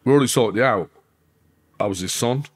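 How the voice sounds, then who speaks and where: A man, a guest on a podcast, telling his side of a story with a mid-pitched voice. He curses through almost every sentence and shoots up in pitch whenever he gets heated. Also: fairly quick, husky. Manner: sweary, animated, pitch leaps up when worked up. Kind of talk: casual storytelling interview.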